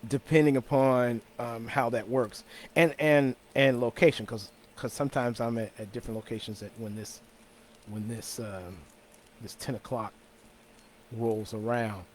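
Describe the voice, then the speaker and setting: Chuckling between thoughts, the host of a weekly talk show rambles casually, restarting sentences and repeating words. His voice is mid-range and steady, delivered at a measured pace, with slight background noise behind him.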